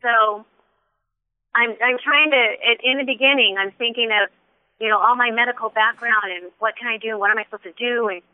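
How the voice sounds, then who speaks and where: A woman shares a personal faith testimony in an earnest, animated way, acting out the quotes she tells. Her voice is a little high and smooth. It sounds dry and tinny, as if it came over a phone line. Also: a little fast, dry recording. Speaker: guest sharing a testimony. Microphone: telephone.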